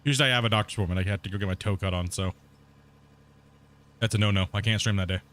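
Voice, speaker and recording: A man's voice: fairly low pitch, fairly even intonation, fast talker, a bit bright. A man streaming a game from home, chatting casually with viewers and people in the house, laughing often. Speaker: gaming streamer. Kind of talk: casual live-stream chat.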